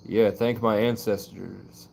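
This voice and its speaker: A man's voice: on the low side, flat delivery, takes it slowly, creaky, darkish tone, slight background noise. A man chatting erratically on a livestream, swinging between mystical musing and mock-angry, profane rants, outdoors at night. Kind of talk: rambling livestream chat with viewers.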